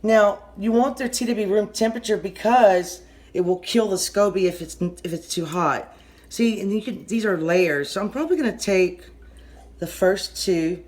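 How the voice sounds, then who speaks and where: A woman's voice: medium pitch, a little mellow. Rambling Southern woman in her kitchen. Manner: rambling, halting, often restarts sentences. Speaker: home cooking channel host. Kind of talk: casual kitchen how-to demonstration.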